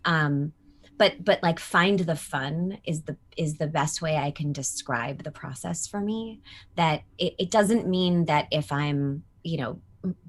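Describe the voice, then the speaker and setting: Woman, low voice, casual interview chat, chatty, lots of fillers. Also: a little slow. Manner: chatty and animated, many fillers and quoted asides. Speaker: voice actor guest.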